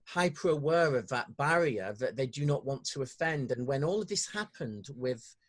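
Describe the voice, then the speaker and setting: A man with a northern English accent hosting an interview podcast, talking in a hesitant way with many pauses and restarts. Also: mid-range voice, expressive. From northern England. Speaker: podcast host. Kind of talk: conversational interview.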